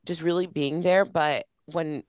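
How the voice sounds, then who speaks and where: A woman's voice: sits low, steady tone, measured pace, a little mellow, smooth, no room sound, clean studio sound. A young woman hosting a podcast, talking in a gushing, casual way full of "like"s. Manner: gushing, filler-heavy with many "like"s. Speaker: podcast host and coach. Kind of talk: casual interview chat.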